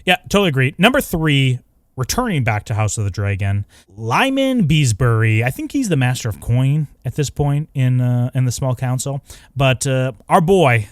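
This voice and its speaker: Animated joking man on a podcast. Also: medium pitch, dry recording, clean studio sound. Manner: animated, jokey, does quick voice impressions. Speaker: podcast co-host. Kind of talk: casual podcast chat.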